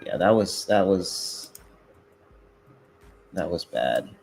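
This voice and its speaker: A man's voice: sits low, expressive, takes it slowly, a little mellow. A young man trading futures live on stream, talking casually to viewers and swearing, frustrated and muttering to himself. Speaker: livestreaming futures trader.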